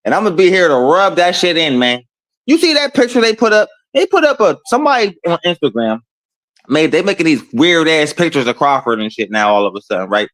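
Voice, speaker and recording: A man hosting a casual boxing talk stream, speaking to his chat in profane, animated trash talk. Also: on the high side, brisk. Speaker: boxing talk show host.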